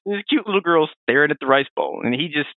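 A man hosting a podcast, telling game lore in a rambling, animated way with frequent restarts. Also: a little high, fast talker, dry recording. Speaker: podcast host. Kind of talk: casual lore discussion. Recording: dry, phone-like narrow sound.

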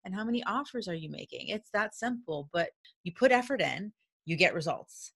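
A woman's voice: fairly low pitch, animated, brisk, vocal fry, slightly rough. A woman business coach giving a casual motivational talk, candid and blunt, who acts out quoted dialogue and laughs often. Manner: candid and blunt, with mild swearing.

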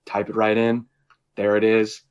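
A man's voice: lowish voice, completely flat delivery, unhurried, clean tone, muffled recording. A man co-hosting a podcast in casual chat, telling a story animatedly with frequent swearing and laughter. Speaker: podcast co-host.

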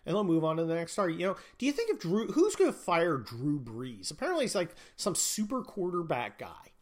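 A man's voice: on the high side, huge pitch swings, brisk. A man hosting a podcast, ranting about politics in a profane, sneering, mocking way. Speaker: podcast host.

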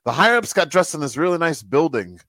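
A man casually telling a backstage story as a guest, animated and quoting the people in it. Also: on the high side, fast, no echo, poor audio. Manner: animated storyteller who quotes other people. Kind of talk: casual anecdote.

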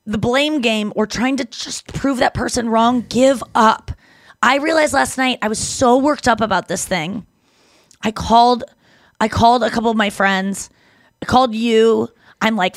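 A young adult woman co-hosting a podcast in casual chat. She tells stories in a lively way, acts out other people's lines, and swears freely. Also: a little high, measured pace, no room sound, studio quality. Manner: animated storyteller who acts out quotes and swears freely. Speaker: podcast co-host.

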